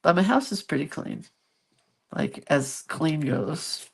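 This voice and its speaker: A woman's voice: sits low, lively intonation, slow pace, creaky, a little hiss or hum. A middle-aged woman chatting casually to viewers while she works on a craft project, chatty and self-deprecating. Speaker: craft vlogger.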